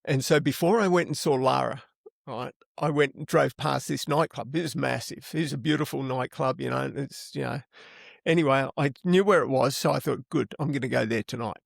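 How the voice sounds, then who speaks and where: A man's voice: mid-range voice, a little fast, creaky, no room sound, clean studio sound. A middle-aged man with an Australian accent, telling stories as an interview guest in casual, rambling talk with plenty of swearing. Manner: rambling yarn-spinner, swears freely. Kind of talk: casual storytelling.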